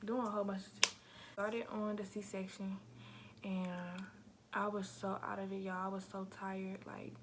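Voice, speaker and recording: A young woman telling a personal story to camera in casual, slangy talk, calling her viewers y'all and often dropping to a soft whisper. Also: mid-range voice, a little hiss or hum.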